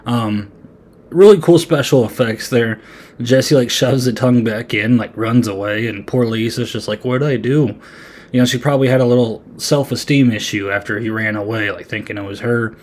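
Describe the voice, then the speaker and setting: Casual male podcast host, average-pitched voice, loose and rambling recap style. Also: normal speed, a little mellow. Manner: loose, filler-heavy, rambling. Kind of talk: casual movie review.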